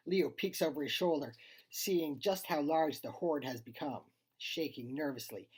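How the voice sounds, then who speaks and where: Husky expressive story reader. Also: mid-range voice. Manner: expressive, acts out dialogue. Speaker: reader of a child's short story. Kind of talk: storybook read-aloud.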